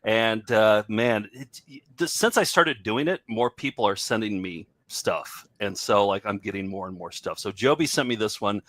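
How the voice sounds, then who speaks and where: A man's voice: mid-range voice, a bit bright. A man hosting a casual comedy podcast, chatting, laughing and introducing clips. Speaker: host.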